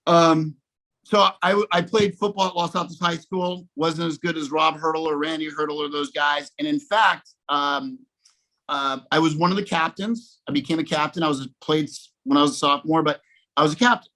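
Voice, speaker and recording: A man with a fairly high voice tells a casual story on a video call. He is animated, restarts his sentences and keeps checking in with his listeners. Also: moderate pace, poor audio. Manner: animated, restarts often, repeats "okay?". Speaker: guest speaker in a sales coaching session.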